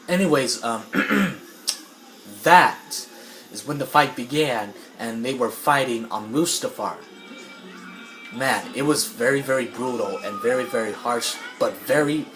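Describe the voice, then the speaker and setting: A man's voice: mid-range voice, a little slow, fairly bright tone. A man casually rambling through a story while playing a game, full of fillers and restarts. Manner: rambling, many fillers and restarts, clears throat. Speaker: gamer retelling a film plot. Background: game music.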